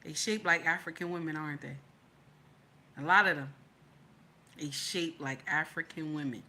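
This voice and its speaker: A woman's voice: low-pitched, normal speed, pushed and bright. A woman giving casual opinion commentary, colloquial and emphatic, repeating her lines for stress. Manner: colloquial, slangy.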